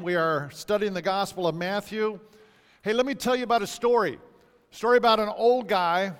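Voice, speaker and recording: A man preaching a sermon as pastor in a church, jovial and chuckling often between phrases. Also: high voice. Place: church sanctuary. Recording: long reverb of a church hall.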